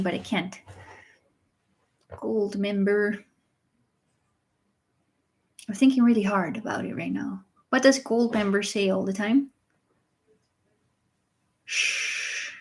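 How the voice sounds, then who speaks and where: A woman, hosting a casual livestream and answering viewers in a chatty way, often pausing with uh and um. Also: medium pitch, a little mellow, husky. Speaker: livestream host reading viewer messages.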